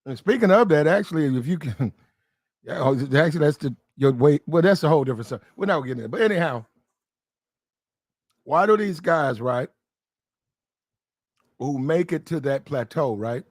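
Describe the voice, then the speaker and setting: A man hosts a live stream in a slightly higher-than-usual voice, rambling loosely and repeating phrases as he talks. His voice is close and dry, with no room echo. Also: animated, moderate pace, long pauses, a little mellow. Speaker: streamer and host. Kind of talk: casual live-stream commentary.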